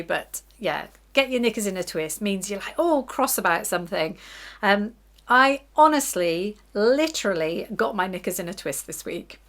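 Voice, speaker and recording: Middle-aged lady sewing vlogger, chatty and giggly, laughs at herself, normal pitch. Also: a bit bright. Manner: chatty, giggly, self-deprecating. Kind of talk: casual chat to camera.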